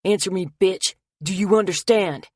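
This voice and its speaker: A man's voice: a little high, fairly even intonation, normal speed, darkish tone, dry recording, studio quality. A woman voicing a threatening hooded male attacker in an audiobook, cold and creepy as he makes his threats. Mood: menacing.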